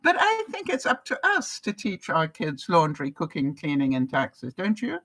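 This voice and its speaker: A woman's voice: fairly low pitch, wildly swooping pitch, normal speed, fairly bright tone, poor audio. An older woman from Canada, a vlogger chatting casually as she reads out viewer comments, laughing often and asking her viewers questions. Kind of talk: casual live-chat talk.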